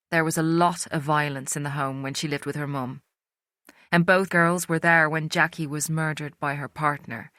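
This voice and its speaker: A woman reading an audiobook, voicing a gentle middle-aged female social worker with a soft Irish accent. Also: deep voice, dry recording, clean studio sound. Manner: gentle, soft-spoken, reflective. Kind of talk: audiobook character voice.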